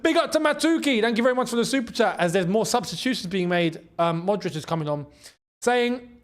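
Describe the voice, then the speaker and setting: A man's voice: high voice, animated, brisk. A young man with a London accent hosting a live football watchalong, chatting casually, laughing often and reading out viewer messages. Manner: chatty, laughs often, reads out super chats. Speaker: watchalong host. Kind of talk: casual live match commentary.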